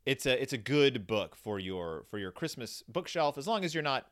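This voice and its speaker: A chatty man hosts a casual book review. His pitch rises and falls a great deal as he rambles along, with plenty of fillers and restarts. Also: sing-song, normal speed, fairly bright tone. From United States (Texas). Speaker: podcast host reviewing children's books.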